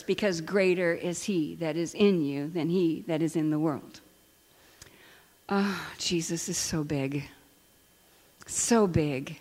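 An older woman sharing personal stories in a sermon, animated and quick to laugh. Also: low voice, big-room sound. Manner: animated storytelling, laughs often. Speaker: Christian speaker and counselor.

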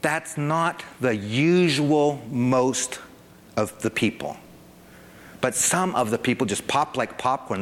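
Animated preacher in a reverberant hall. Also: male voice, a little slow. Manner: animated, acts out parents and toddlers with rising pitch. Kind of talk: sermon.

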